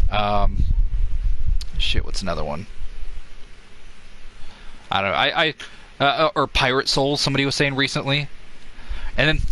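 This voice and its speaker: A man's voice: medium pitch, sharp tone, slight background noise, low-quality recording. A man giving casual, rambling gameplay commentary, full of fillers and swearing.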